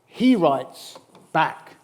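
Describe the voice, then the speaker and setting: A middle-aged man giving a public history lecture, animated and emphatic, with wry asides. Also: a little high, drawn-out words. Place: lecture hall.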